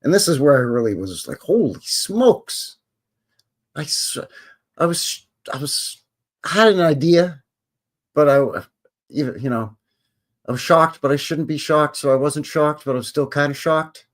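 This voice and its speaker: A man's voice: a little high, expressive, normal speed. A man hosting a casual livestream from a room at home, chatting in a rambling way and interrupting himself. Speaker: channel host. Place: home room with windows open.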